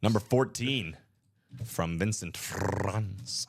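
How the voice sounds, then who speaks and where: A man's voice: low-pitched, takes it slowly, gravelly, noisy background. A man hosting a live card break stream, with upbeat, slangy hype chatter.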